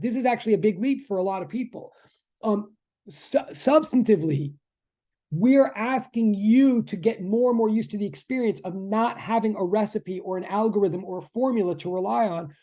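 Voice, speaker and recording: Mellow, rambling online physics instructor. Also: medium pitch. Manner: rambling, self-correcting, earnest. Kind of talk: online class lecture.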